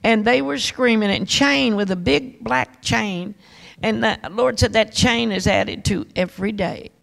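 A woman's voice: a little high, unhurried, gravelly. A woman preacher telling a testimony sermon in an emphatic, repetitive storytelling manner, addressing the congregation directly.

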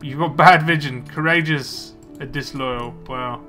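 A man's voice: medium pitch, measured pace, pushed and bright, soft background music. A young man casually commenting on his gameplay, muttering to himself as he plays. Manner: chatty, muttering to himself while playing. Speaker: let's play gamer.

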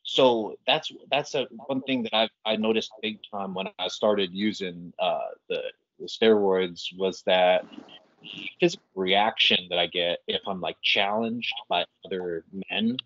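A man's voice: deep voice, fairly even intonation, unhurried, fairly bright tone, no echo, lo-fi sound. A man hosting a podcast, asking casual, reflective follow-up questions. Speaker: podcast host. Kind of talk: casual interview chat.

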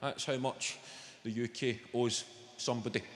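A man in his thirties with a Glaswegian Scottish accent doing a stand-up comedy set, loud and sweary, teasing the crowd. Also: medium pitch, fairly even intonation, moderate pace, background noise. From Scotland. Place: large theatre stage. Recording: echoey hall with loud audience.

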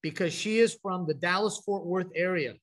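With a high voice and a fairly bright tone, a middle-aged Texan speaks at a moderate pace to a group at an advocacy training event. The presentation is casual and story-driven, full of side remarks and fresh starts.

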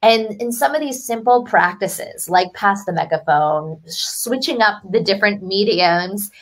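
A woman author as a podcast guest, explaining ideas in an articulate, upbeat way and telling stories. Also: medium pitch. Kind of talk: podcast interview.

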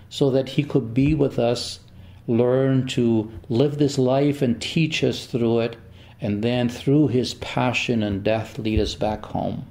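A man preaching a homily as a priest, telling a long story in an unhurried way with pauses and small restarts before turning to scripture. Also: medium pitch, dark tone.

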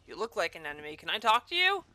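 A young woman streaming a game and commenting crudely and excitably, yelping and swearing as she plays. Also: medium pitch, quick pace. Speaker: gaming streamer. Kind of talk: profane let's-play commentary.

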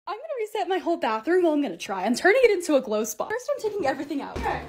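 A bubbly young woman talks through her own vlog at a quick clip with a high, lively voice. She sounds upbeat and pokes fun at herself. A faint noise sits under the recording. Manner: bubbly, self-mocking, upbeat. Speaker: lifestyle creator. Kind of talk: voice-over vlog narration.

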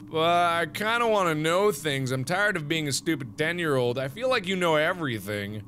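A man's voice: a little high, lively intonation, normal speed, fairly bright tone, a little hiss or hum, pitched above the performer's own voice. A man voicing a curious, polite ten-year-old girl in a game, asking earnest questions. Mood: pleading. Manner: earnest, questioning, addresses others as sir.

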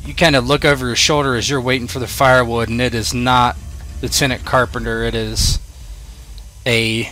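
A man's voice: medium pitch, sharp tone. A man narrating a tabletop game as game master, casual and full of fillers. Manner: casual, hesitant, filler-heavy.

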